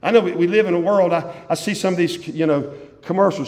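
Fervent pastor preaching. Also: male voice, high-pitched, quick pace. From West Virginia, USA. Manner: fervent, repeats key phrases, swings from loud to hushed. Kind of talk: evening sermon. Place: church sanctuary. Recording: long church hall reverb.

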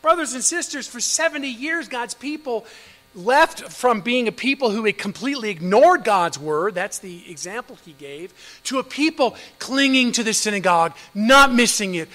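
A male pastor delivering a fervent sermon in a high-pitched, sharp voice. He hammers on rhetorical questions, dips into soft, hushed stretches, and then rises to forceful emphasis. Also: long reverb tail, rough recording. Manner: swings between loud emphasis and low hushed passages.

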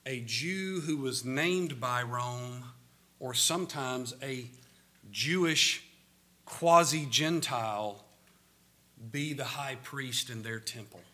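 Slow, bright-voiced Southern preacher. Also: male voice, medium pitch. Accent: Southern American. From American South. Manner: slow, emphatic preaching with sudden swells in volume. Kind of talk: sermon.

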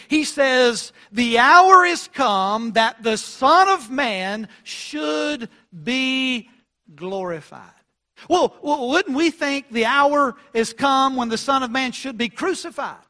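A man preaching a sermon in church, emphatic and surging loud on key phrases, stretching out quoted scripture slowly. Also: very high-pitched. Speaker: pastor.

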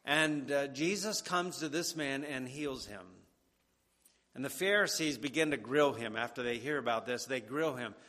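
A man preaching a sermon, deliberate and emphatic, repeating key words for weight. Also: mid-range voice, bright, forceful tone. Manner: slow and deliberate, with emphatic repetition. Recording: long hall reverb.

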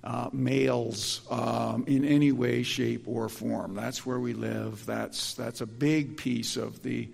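A man preaching a sermon in an animated, emphatic way, often restarting his sentences. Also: medium pitch, slow, gravelly, hardly any pauses, big-room sound.

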